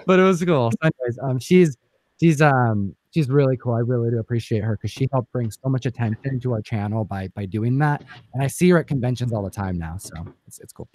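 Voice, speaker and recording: A man's voice: mid-range voice, animated, fairly quick, a little mellow. A man hosting a casual comic book livestream chat, telling a long story with many fillers and restarts. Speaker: comic book channel host.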